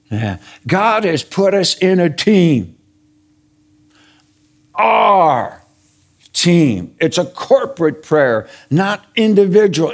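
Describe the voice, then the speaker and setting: An older man, a grandfather, preaching a sermon, telling stories and asking the congregation questions with frequent chuckles. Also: a little high. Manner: storytelling, asks the congregation questions, chuckles often. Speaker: pastor.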